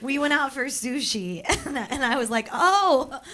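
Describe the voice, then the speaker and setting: A woman's voice: high-pitched, moderate pace. A pregnant woman doing stand-up crowd work, playful and teasing and laughing often, in a comedy club. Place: comedy club with a live audience. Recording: loud crowd laughter and noise.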